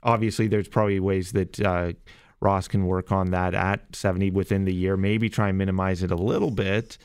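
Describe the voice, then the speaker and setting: A man hosting a radio call-in show, friendly and upbeat, reading out phone numbers slowly. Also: sits low, steady tone, clear, resonant tone, dry recording. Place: radio studio. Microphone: studio microphone.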